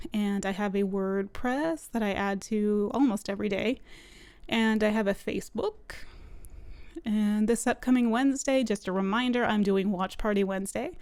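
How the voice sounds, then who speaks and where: A woman's voice: medium pitch, a little mellow, clear, resonant tone, dry recording. A woman giving a chatty film review from home, loose and conversational, often saying "like". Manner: chatty, loose, with frequent "like" fillers. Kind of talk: casual spoken film review. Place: at home with her dog nearby.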